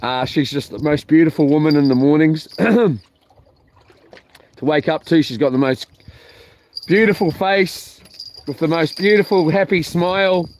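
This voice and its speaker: A man's voice: fairly high pitch, measured pace, pauses often, a little mellow, slight background noise. A man chatting to camera while fishing from a boat, rambling and playful. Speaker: fishing vlogger. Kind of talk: casual chat to camera. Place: outdoors on a boat at sea.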